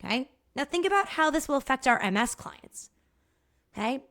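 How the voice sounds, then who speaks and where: Solo podcast host, a woman; lively and emphatic, slightly high voice, talks straight to the listener. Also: normal speed, dry recording, studio quality. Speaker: podcast host, movement practitioner. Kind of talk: solo educational podcast talk.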